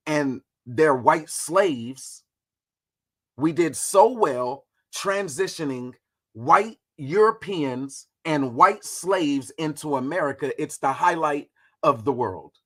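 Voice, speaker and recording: Slangy, animated man riffing on history. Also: a little high. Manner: slangy, profane, animated storytelling. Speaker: host. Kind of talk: casual livestream history commentary.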